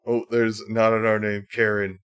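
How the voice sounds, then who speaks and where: On a casual livestream, a male host reads posts and mocks them in exaggerated whiny voices, rambling sarcastically with frequent fillers and restarts. He speaks on the low side in a monotone at normal speed, and his voice is smooth and a bit bright.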